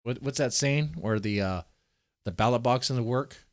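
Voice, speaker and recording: A man's voice: mid-range voice, moderate pace, dry recording, studio quality. A man giving rambling, profane casual commentary, often restarting his sentences as he reads posts on screen. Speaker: commentary streamer.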